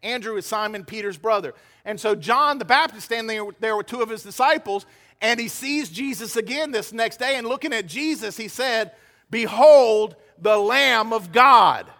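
A man's voice: high-pitched, fairly quick, bright, forceful tone. A man preaching a sermon as pastor, emphatic and acting out the quoted dialogue. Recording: hall reverb.

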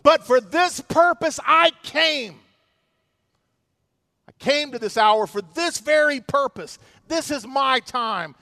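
A male pastor with a voice that sits high preaches a sermon in a dramatic, emphatic style, sometimes rising nearly to a shout.

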